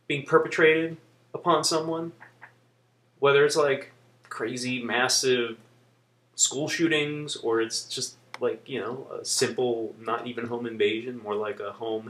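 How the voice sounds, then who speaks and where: A man vlogging, ranting heatedly in an animated way and swearing casually. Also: on the high side, roomy sound. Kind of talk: ranting video blog.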